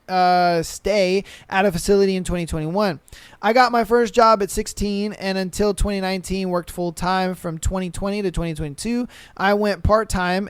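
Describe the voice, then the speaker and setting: Male podcast host, high voice, dry close mic, slangy and animated storyteller. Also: smooth, no room sound. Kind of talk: reading and reacting to listener stories.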